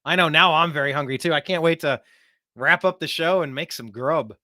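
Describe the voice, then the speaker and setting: A man's voice: fairly high pitch, fairly quick, pushed and bright, no room sound, studio quality. A man hosting a casual livestream chat, reading viewer comments aloud in a chatty way. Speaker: host.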